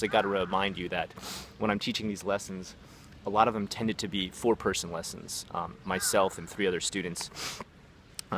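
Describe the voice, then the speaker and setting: A man's voice: sits low, gravelly, a bit bright, a little hiss or hum. A man telling stories about teaching English in a casual, rambling vlog, with many fillers and acted-out quotes. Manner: rambling, filler-heavy, acts out quoted voices. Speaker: vlogger, former English teacher.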